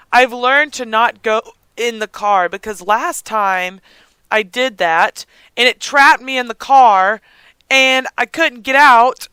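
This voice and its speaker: A young man with the hiccups talks through a game at a slow, unhurried pace, his voice bright and smooth. He gasps, yelps and chats to the characters on screen, and the sound is dry and close. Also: very high-pitched, no room sound. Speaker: let's play gamer. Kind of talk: gameplay commentary.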